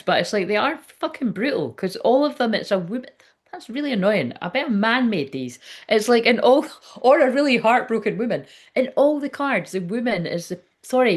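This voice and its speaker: A woman giving a casual tarot reading, chatty and frank, swearing often and laughing as she talks. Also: a little high. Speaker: tarot reader.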